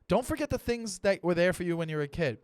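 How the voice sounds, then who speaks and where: Comic man in his thirties hosting his own show; fairly high voice, swearing through mock-serious rants, dry close sound. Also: fast talker, clear, resonant tone, dry recording. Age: 30s. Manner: animated, profane ranting with mock-serious pep talks. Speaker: comedian podcast host. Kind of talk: comic solo monologue.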